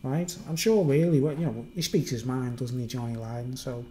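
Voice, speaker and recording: A man's voice: medium pitch, steady tone, brisk, heavy background noise. A middle-aged man from Merseyside with a toned-down local accent, rambling and self-mocking as he talks to a live stream. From Merseyside, England. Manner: rambling, self-mocking, chatty with many fillers. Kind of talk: casual live-stream monologue.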